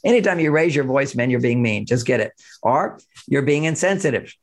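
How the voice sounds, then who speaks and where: Gravelly-voiced man giving emphatic advice. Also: mid-range voice, lively intonation, fairly quick. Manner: emphatic, explanatory, chuckles often; married, talks of his own marriage. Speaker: relationship author, podcast guest. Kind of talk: conversational advice in an interview.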